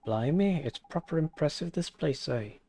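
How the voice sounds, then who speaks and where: A man's voice: on the high side, moderate pace, dark tone, a little hiss or hum, pitched above the performer's own voice, natural voice. A man voicing a chatty fairy sidekick in a put-on regional accent with chirpy slang. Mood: impressed.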